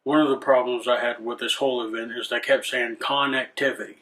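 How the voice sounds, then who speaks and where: A man's voice: medium pitch, little pitch movement, a little fast, a bit bright. A man hosting a rant video, swearing a lot, irritated and sarcastic, with frequent restarts. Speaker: channel host. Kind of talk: ranting commentary.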